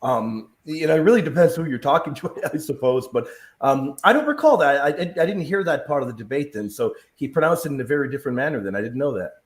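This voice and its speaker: A man's voice: on the high side, expressive, quick pace. Thoughtful man hosting, in an echoey room. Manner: thoughtful, questioning. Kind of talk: casual discussion.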